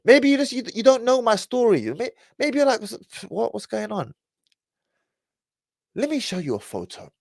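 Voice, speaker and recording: A man's voice: very high voice, moderate pace, gravelly, no room sound, studio quality. A man talking casually to his livestream viewers. He sighs often as he talks. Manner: animated, sighing often. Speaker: livestream host.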